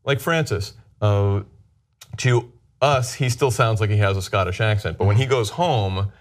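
A man's voice: fairly low pitch, unhurried. Thoughtful, explanatory American man. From United States. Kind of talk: casual chat.

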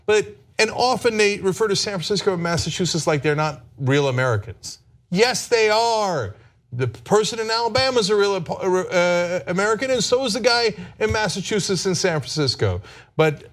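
A man hosting a political talk show, speaking emphatically and growing animated as he makes his points. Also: high voice. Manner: emphatic, animated, rising to near-shouting emphasis. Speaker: political commentary host.

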